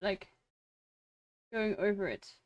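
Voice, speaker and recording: This young woman's mid-range voice is expressive and slow, captured as lo-fi audio without echo. She's livestreaming a game, chatting casually, cursing and poking fun at herself.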